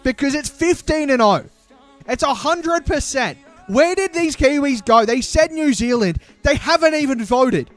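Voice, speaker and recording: A man's voice: very high voice, lively intonation, a little slow, faint music behind. A young man chatting with his live stream chat and commentating an online game in a playful, hyped way. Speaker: streamer and caster.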